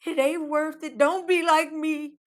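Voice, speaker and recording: A woman's voice: high voice, steady tone, measured pace, voice pushed up. A woman voicing an anonymous coworker who pleads with her from the back of a room. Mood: pleading.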